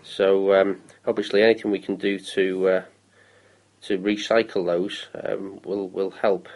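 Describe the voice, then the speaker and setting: A man's voice: low-pitched, little pitch movement, a little slow, a little mellow, poor audio. A man in his thirties from the UK, chatting on a local show about council recycling with many ums and restarts. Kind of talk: casual radio chat.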